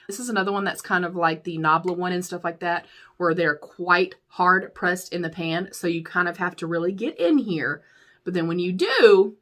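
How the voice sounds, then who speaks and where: Her voice is fairly low yet a bit bright: a young beauty YouTuber from the United States talking candidly through a makeup declutter. Laughing often, she refers to her viewers as y'all in a casual product review.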